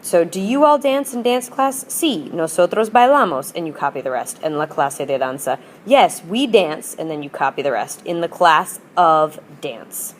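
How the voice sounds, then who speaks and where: A woman's voice: on the low side, animated, moderate pace, hardly any pauses, a little hiss or hum. A woman teaching a language class, drilling with patient repetition and switching between English and Spanish. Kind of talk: classroom lesson.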